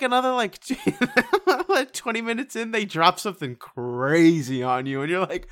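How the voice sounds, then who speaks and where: A podcast co-host reviewing a horror movie in casual chat, animated, swearing and laughing often, with many fillers. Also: mid-range voice, normal speed, hardly any pauses.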